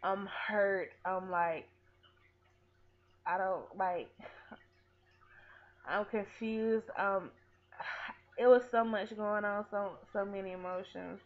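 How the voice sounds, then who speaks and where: A woman's voice: medium pitch, fairly even intonation, slow pace, pauses often. A woman in her twenties telling a personal story in a vlog, earnest and rambling, with lots of "like.". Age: 20s. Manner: earnest, rambling, heavy use of "like". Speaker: vlogger. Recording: tinny phone-like audio.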